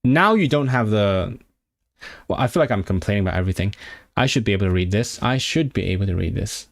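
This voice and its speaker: A young man talks fast and animatedly on a live stream about his language study, chatting with viewers and restarting often as he sounds out foreign words. His lowish voice is gravelly, with no room sound.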